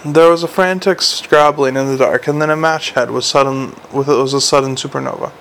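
A man narrating an audiobook in a steady, understated way. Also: medium pitch, fairly quick, vocal fry, a little hiss or hum, low-quality recording.

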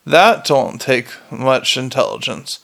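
A man voicing a scruffy, cynical talking mongrel dog with a bored, streetwise grumble and a gravelly voice. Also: mid-range voice, lively intonation, slow, a bit bright, exaggerated voice. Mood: grumbling.

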